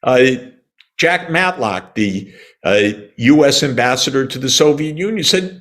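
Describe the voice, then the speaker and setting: A man's voice: medium pitch, expressive, measured pace, fairly bright tone. An older man from the United States, answering an interviewer in an emphatic, indignant way with sarcastic asides and the odd cough. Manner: coughs at times. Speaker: interview guest, economist.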